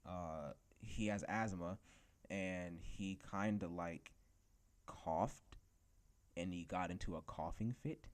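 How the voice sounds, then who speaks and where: A teenage boy with a notably low voice tells school stories in a loose, rambling podcast rant. He talks casually and fills the gaps with ums and likes. He sounds unpolished and chatty. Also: slow pace. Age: teens. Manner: rambling storytelling with many fillers. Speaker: podcast host.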